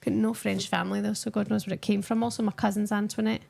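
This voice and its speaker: A woman's voice: medium pitch, flat delivery, fast talker, creaky, darkish tone. A young woman chatting casually with her viewers on a live stream while she watches a football match and answers their comments.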